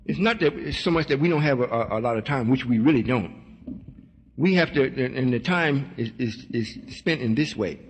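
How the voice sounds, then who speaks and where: A man's voice: medium pitch, animated, normal speed, husky, in a large hall. A man giving folksy sermon-style teaching as a religious teacher, acting out voices as he answers questions. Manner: folksy preaching, acts out voices.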